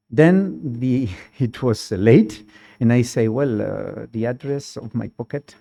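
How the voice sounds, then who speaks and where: A man with a mellow, dark, creaky voice of medium pitch tells a personal anecdote in slow, halting, non-native English, making small grammar slips along the way. He's a lively storyteller who laughs often and easily.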